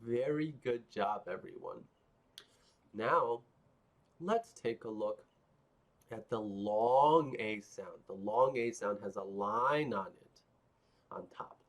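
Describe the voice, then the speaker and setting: A man's voice: on the low side, slow, pauses often. A man teaching phonics to young children, patient and encouraging, repeating sounds for them to copy.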